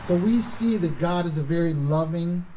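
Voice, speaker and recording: A man preaching a sermon as pastor, animated, acting out quoted voices with emphatic rises. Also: fairly high pitch, normal speed, far from the mic, noisy background. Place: church.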